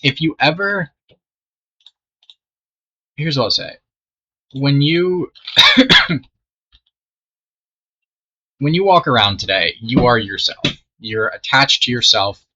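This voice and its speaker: A young man with an intensely bright, sharp-edged voice rambles through a story, swearing and losing his train of thought. The sound comes through a dull, lo-fi mic. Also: medium pitch, animated, slow, long pauses, breathy edge. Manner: rambling, swearing, trailing off mid-sentence. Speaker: storytelling gamer. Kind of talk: casual storytime while playing a game.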